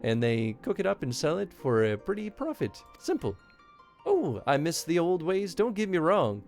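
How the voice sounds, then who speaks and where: A man's voice: a little high, big pitch swings, normal speed, a little mellow, soft background music, pitched above the performer's own voice. A man voicing a sly, proud seafaring pirate woman in a put-on Irish accent while reading game dialogue aloud. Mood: wry. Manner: broad put-on brogue, folksy sailor's talk.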